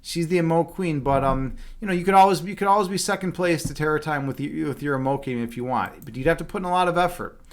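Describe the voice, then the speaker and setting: A man's voice: fairly high pitch, fast talker, few pauses. Rambling man streaming from home. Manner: rambling, full of "like" and "you know" fillers; talks loudly at times. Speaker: livestreamer and chess instructor. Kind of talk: casual livestream chat.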